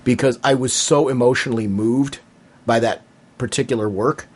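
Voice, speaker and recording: A man co-hosting a podcast in casual chat, with a husky, mid-pitched voice. He talks with enthusiasm, often stopping and restarting his sentences. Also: fairly even intonation, normal speed. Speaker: podcast co-host.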